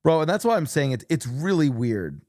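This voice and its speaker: A man's voice: fairly high pitch, big pitch swings, normal speed, warm tone, no echo, studio quality. A man chatting casually on a stream as co-streamer, emphatic and swearing a lot.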